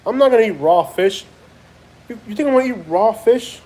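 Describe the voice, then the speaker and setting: A man's voice: high voice, lively intonation, brisk, warm tone. A man chatting casually about food, joking and rambling with stumbling restarts. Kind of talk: casual chat.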